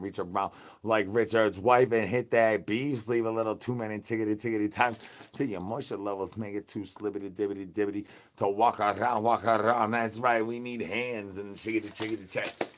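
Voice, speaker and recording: Crude male zombie, drawl, rambling nonsense rhymes, lowish voice, played by a man. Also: natural voice. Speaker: comedy channel host. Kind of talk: improvised comedy rant.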